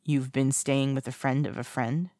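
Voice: medium pitch, steady tone, moderate pace, dark tone, no room sound, studio quality, close to an everyday voice. A reader voicing a young male detective who questions sharply and urgently.

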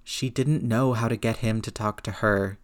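A man narrating a story aloud in a steady, measured reading voice. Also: fairly low pitch.

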